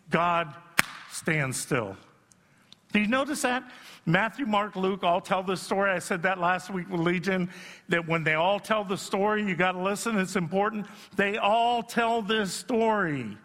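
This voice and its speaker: A middle-aged man preaching a sermon as pastor, joking about himself and rising to shouts at the high points. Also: lively intonation, normal speed. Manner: self-deprecating, swells to shouting at peaks. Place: church sanctuary. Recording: long reverb in a church hall.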